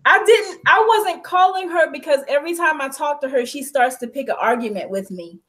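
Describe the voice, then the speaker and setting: A woman's voice: sits high, expressive, a little fast, a bit bright, a little hiss or hum, rough recording. A young adult woman hosting a personal conversation, tearful, her voice breaking as she talks. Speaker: host.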